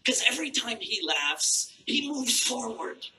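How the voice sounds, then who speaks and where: A man telling a crude story as a stand-up comedian on a live stage, talking in a jumpy, animated way with sudden bursts upward. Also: very high-pitched, measured pace, slight background noise, poor audio. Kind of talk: stand-up set.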